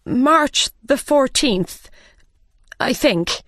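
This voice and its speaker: A woman's voice: high-pitched, expressive, very slow, fairly bright tone, dry recording, pitched above the performer's own voice, full character voice. A woman playing a frightened hatter who pleads in a raised, anxious voice. He is in a storybook and is eager to be believed, and his delivery is close and dry. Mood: nervous. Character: nervous, frightened male hatter on trial.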